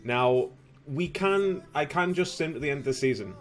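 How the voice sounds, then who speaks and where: A young man commentating his own football video game, slightly hoarse, bursting into shouts and laughter at goals. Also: fairly high pitch, normal speed, faint music behind. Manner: excitable, shouts at goals, casual swearing. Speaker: gaming youtuber.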